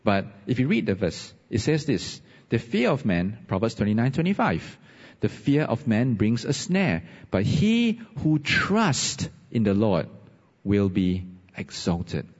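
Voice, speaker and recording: A man preaching a sermon and telling a personal story, animated with rising emphasis. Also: lowish voice, a little slow. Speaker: pastor. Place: church hall. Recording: husky voice, dull sound, long reverb.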